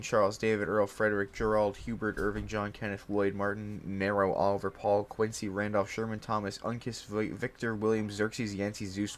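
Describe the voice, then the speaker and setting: A young man rambling in a casual monologue, circling back with fillers and restarts and laughing at himself. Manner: rattling off a long string of mock-German names, rising higher and louder. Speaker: host.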